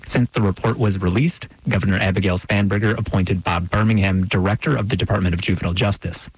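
Male reporter reading a news piece, lowish husky voice, dry sound. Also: dry recording, poor audio. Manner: measured, even report delivery.

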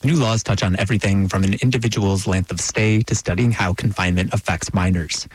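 A man delivering a scripted radio news report in a measured, even way. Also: low-pitched, husky, poor audio.

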